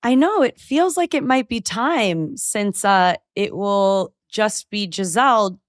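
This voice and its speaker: A woman co-hosts a relaxed podcast in a playful, teasing way. She laughs easily and drops jokey British slang into her questions. Her voice sits close to the mic in a dry room. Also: medium pitch, slow, no room sound. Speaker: podcast co-host. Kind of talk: casual podcast interview.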